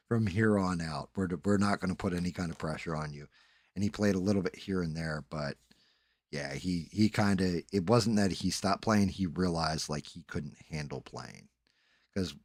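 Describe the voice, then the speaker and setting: A man's voice: sits low, dry recording, studio quality. A man hosting a livestream, telling a rambling, profane gaming story in a laid-back way. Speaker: livestream host. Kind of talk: casual storytelling chat.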